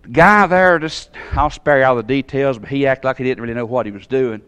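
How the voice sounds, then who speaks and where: A man telling a long personal story in a sermon, in a folksy, animated way with sudden jumps in pitch. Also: a little fast, clear, resonant tone.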